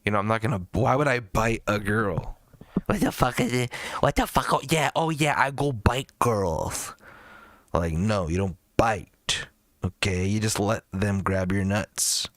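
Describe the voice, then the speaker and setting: Man, livestream host, casual chat, profane, rambling, low voice, dry. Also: moderate pace, a bit bright, dry recording. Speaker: music review streamer.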